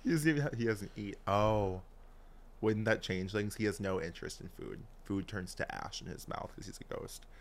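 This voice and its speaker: Gravelly-voiced man joking around. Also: lowish voice, slight background noise. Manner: playful and teasing, quick asides. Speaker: podcast co-host. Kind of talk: casual comedic chat.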